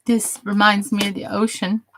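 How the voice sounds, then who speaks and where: A woman's voice: mid-range voice, level tone, moderate pace, a bit bright, a little hiss or hum. A woman hosting a casual crafting live stream, chatting with viewers and gushing over the crafts she shows. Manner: gushing and admiring, chatty asides.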